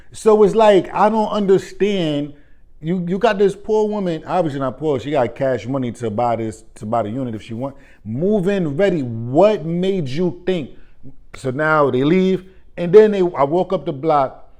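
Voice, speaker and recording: A real estate agent venting about another agent, telling the story with quoted dialogue and repeated disbelieving questions. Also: male voice, medium pitch, mellow. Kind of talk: ranting vlog.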